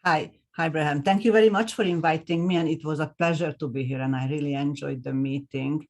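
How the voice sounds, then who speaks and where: A woman's voice: low-pitched, fairly even intonation, fairly quick, darkish tone. A woman speaking as a guest in an online meeting over a video call, friendly and thankful.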